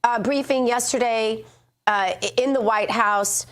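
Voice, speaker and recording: A woman co-hosting a morning political show, talking in an animated way with many fillers. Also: on the high side, unhurried. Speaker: co-host. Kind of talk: opinionated morning-show talk.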